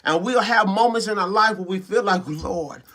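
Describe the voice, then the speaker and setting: High, bright-voiced fervent preacher man. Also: a little fast. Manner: fervent, repeating calls of "come on" and "listen to me"; rises into excited shouts. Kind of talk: morning devotional sermon.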